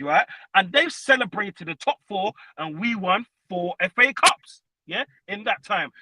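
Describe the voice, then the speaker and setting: A man calling in to a fan show, trash-talking loudly and profanely, peppering every line with tags like "you know what I'm saying". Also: sits high, no room sound, poor audio. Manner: loud, profane trash talk with constant tags. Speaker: caller. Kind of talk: heated fan call-in rant.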